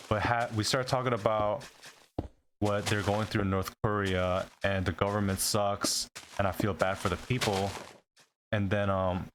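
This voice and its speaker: A man's voice: fairly low pitch, background noise. A man co-hosting a live stream, telling a story in an exasperated, casual way. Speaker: co-host. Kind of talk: casual chat.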